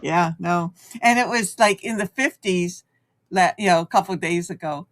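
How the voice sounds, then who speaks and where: A woman's voice: lowish voice, normal speed. A middle-aged woman co-hosting a radio talk show, chatty and rambling, laughing often. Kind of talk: casual chat.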